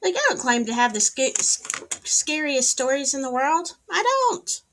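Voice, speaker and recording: A woman's voice: sits high, animated, moderate pace, a bit bright, a little hiss or hum. A woman with a Southern US accent hosting a casual livestream, chatting and greeting viewers by name with sassy asides. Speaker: livestream host. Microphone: streaming setup, wired in.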